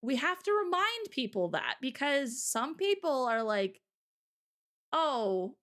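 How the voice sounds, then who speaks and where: A young woman hosting a relaxed live stream, talking in a chatty, animated way and doubling back on her words. Her voice sits high and moves a lot. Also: measured pace. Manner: chatty, animated, repeats herself, laughs often. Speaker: stream co-host. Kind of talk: casual live-stream chat.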